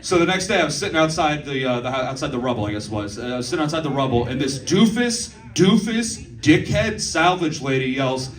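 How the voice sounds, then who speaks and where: Talking quickly with few pauses, a young comic in his twenties sounds animated, his mid-range voice a bit bright. In his comedy club set he tells stories loosely and profanely and throws asides to the crowd amid audience laughter, recorded from a distance in a roomy space.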